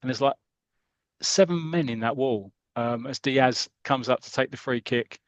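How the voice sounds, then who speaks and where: A man's voice: medium pitch, normal speed, no room sound. A British man co-hosting a podcast, casually retelling a football comic story, acting out the characters and calling the action like live commentary. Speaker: podcast co-host.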